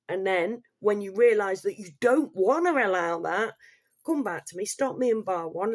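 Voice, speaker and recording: A woman's voice: medium pitch, expressive, moderate pace. A woman delivering a heated, sweary rant straight to her viewers in a vlog. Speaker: vlogger. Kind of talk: ranting vlog monologue.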